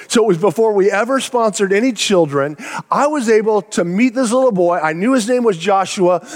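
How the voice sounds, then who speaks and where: A man's voice: sits high, big-room sound. A pastor preaching a sermon to his church, telling a story in an earnest way and acting out the quotes. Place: church sanctuary.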